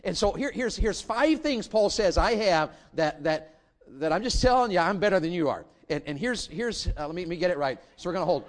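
A man preaching a folksy, animated sermon in a church, repeating phrases for emphasis. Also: high voice, fairly quick. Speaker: pastor. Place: church sanctuary.

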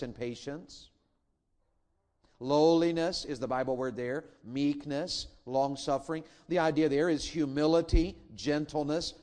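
A middle-aged man preaching a sermon in a church, telling family stories with big swings between loud and hushed. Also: fairly high pitch. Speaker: pastor.

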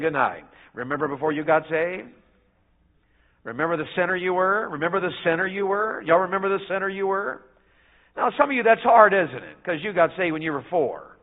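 A middle-aged man with a Southern US accent preaching a revival sermon in a church, folksy and calling out to his congregation, preaching in bursts. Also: high voice. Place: church sanctuary. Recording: phone-like narrow band.

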